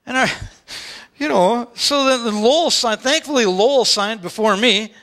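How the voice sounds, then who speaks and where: High bright-voiced male pastor. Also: unhurried. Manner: conversational storytelling, with asides to the congregation. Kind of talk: sermon. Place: church.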